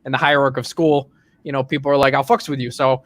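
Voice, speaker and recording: A man's voice: medium pitch, flat delivery, fast talker, fairly bright tone. A young man telling jokey stories in a casual podcast chat. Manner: jokey, chatty storyteller.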